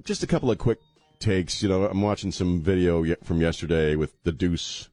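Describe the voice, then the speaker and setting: A man's voice: deep voice, normal speed, warm tone, no echo, soft background music. A man hosting a talk radio show in a studio, rambling and sarcastic, mocking the people he talks about. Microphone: studio microphone.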